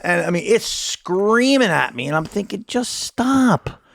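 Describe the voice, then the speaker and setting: A man's voice: high-pitched, very animated, moderate pace, vocal fry, fairly bright tone, dry recording, clean studio sound. A man in his sixties hosting a podcast interview, telling self-mocking stories in a loose, profane way. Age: 60s. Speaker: podcast host. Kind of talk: casual interview chat.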